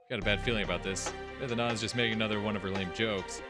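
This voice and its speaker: A man with a fairly low voice reads a visual novel aloud and breaks off to muse casually about what is going on. His talk is relaxed and full of thinking aloud. Game music plays clearly behind him. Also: rapid-fire. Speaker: let's play host. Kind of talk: reading visual novel text aloud and commenting.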